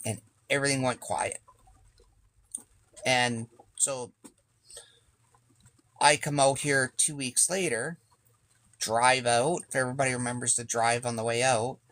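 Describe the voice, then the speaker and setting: A man's voice: medium pitch, fairly even intonation, slow, pauses often, fairly bright tone. A man telling a casual, rambling story as a sailing vlogger, swearing freely and acting out what people said. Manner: rambling, profane, acts out quoted speech.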